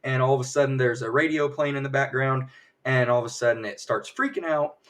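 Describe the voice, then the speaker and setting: Sitting far from the mic in his home livestream setup, a man hosts a casual recap of a show episode, speaking briskly in a medium pitch. He rambles, uses lots of fillers, and acts out quotes.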